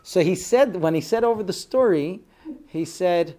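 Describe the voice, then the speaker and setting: A man teaching a Torah class, telling stories with animated acted-out quotes and frequent fillers. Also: high voice, moderate pace. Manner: animated storyteller who acts out quoted speech.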